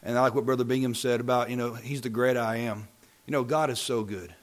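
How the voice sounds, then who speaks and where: A man preaching a sermon. He repeats phrases for emphasis and builds from calm talk to loud, impassioned preaching. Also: medium pitch, fast talker.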